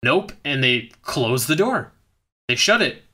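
A man's voice: mid-range voice, big pitch swings, measured pace, sharp tone. A man co-hosting a podcast, recapping a bad movie in rambling, profane, sarcastic casual chat.

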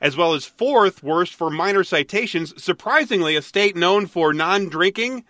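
Bright-voiced podcast host. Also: male voice, high voice, lively intonation, moderate pace, no room sound, clean studio sound. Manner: easygoing, chuckles between remarks. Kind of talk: casual podcast chat.

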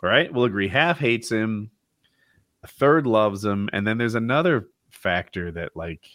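Low voiced guy chatting politics, thinks out loud, lots of like, dry close sound. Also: expressive, unhurried, dry recording. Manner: musing, hedging with frequent "like". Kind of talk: casual political chat.

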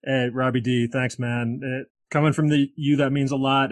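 A man from Hawaii hosts a podcast in a flat, even voice. His mid-pitched speech is friendly and modest, with stammered starts, and the recording sounds dry and close. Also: moderate pace, no room sound. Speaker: podcast host. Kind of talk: casual podcast interview.

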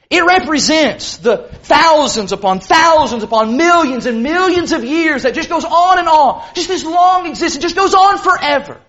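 A man preaching a sermon to a church assembly, emphatic and full of dramatic pauses and stressed words. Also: very high voice, fairly bright tone, highs cut off.

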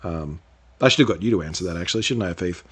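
A low, slightly rough voice delivered fast belongs to a man co-hosting a casual podcast. He wanders through his answers with many fillers and restarts, laughing easily as they chat.

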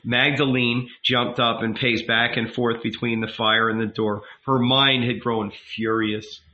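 A man narrating an audiobook in a measured, unhurried way. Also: mid-range voice, flat delivery, lo-fi sound. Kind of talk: audiobook reading.

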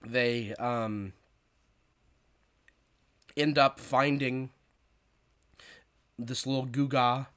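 A man's voice: medium pitch, fairly even intonation, drawn-out words, pauses often, fairly bright tone. Rambling man recapping a movie. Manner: rambling, many fillers and restarts.

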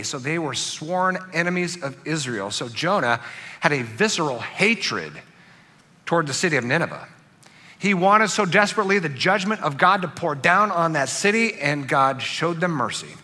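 Male pastor, sermon delivery, slightly high and bright, animated storyteller. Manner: animated, acts out angry outbursts.

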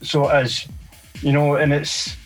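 A man's voice: fairly high pitch, monotone, a little slow, soft background music, poor audio. A Scottish man, a DJ and producer, chatting casually in an interview, rambling and dropping "mate" and "you know" often. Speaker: DJ and producer guest.

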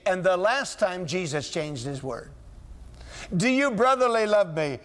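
High-voiced preacher full of questions. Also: male voice, lively intonation, a little slow, fairly bright tone. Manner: preaches with rhetorical questions, voicing biblical dialogue. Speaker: pastor. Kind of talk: sermon.

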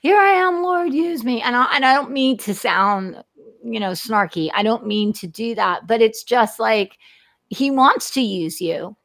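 A woman's voice: medium pitch, measured pace, fairly bright tone. A woman hosting an interview, speaking in an emphatic, frank and encouraging way. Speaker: host. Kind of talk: interview chat.

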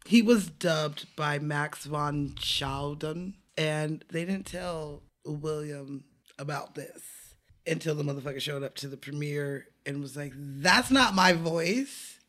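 A man co-hosting a podcast in casual chat, animated and profane, often laughing. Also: fairly high pitch, unhurried. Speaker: podcast co-host.

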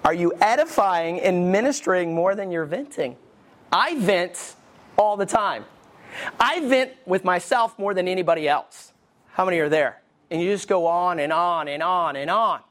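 Male pastor, conversational sermon delivery, self-deprecating, slow repeated questions. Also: high-pitched, fairly bright tone.

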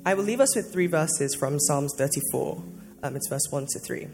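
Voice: medium pitch, animated, normal speed. A worship leader giving a fervent devotional exhortation and reading scripture aloud. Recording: music playing behind. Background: soft worship music.

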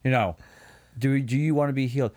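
A man's voice: mid-range voice, fast, darkish tone. A man co-hosting a podcast in casual chat, speaking reflectively and leaning on "you know.". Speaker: podcast co-host.

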